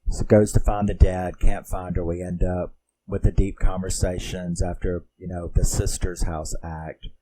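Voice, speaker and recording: A man's voice: deep voice, little pitch movement, moderate pace, dark tone, low-quality recording. A man casually recapping a film, rambling and emotional, with lots of fillers and swearing. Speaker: film reviewer.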